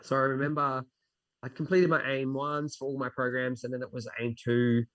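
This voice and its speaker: Animated man telling stories. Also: medium pitch, moderate pace, lo-fi sound. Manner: animated storyteller who acts out his own inner voice. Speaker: fitness instructor guest. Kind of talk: casual interview chat.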